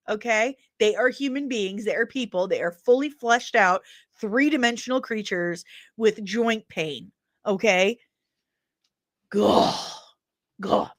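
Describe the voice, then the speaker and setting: Midwestern woman host in her forties, jokey and ranting, a touch high-pitched, dry room. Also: takes it slowly, dry recording. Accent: Midwestern American. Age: 40s. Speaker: pop culture news host. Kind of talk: casual chat reacting to chat.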